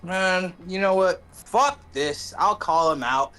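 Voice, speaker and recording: A man's voice: high-pitched, takes it slowly, sharp tone, clear, resonant tone, soft background music. A man being interviewed about a match, talking in a laid-back, rambling way and swearing now and then. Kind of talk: casual chat.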